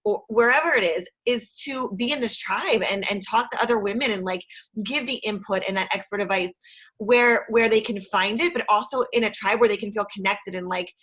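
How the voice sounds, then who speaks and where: A woman's voice: medium pitch, a little fast, fairly bright tone. A woman in her thirties hosting a podcast, talking casually and openly with many fillers. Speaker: podcast host. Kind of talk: podcast interview.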